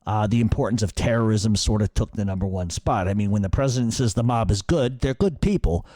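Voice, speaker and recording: A man's voice: lowish voice, fairly quick, warm tone, no room sound. Blunt, profane New man. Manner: blunt, profane, conversational, reads questions then answers. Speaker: radio show host. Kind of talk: casual Q&A storytelling.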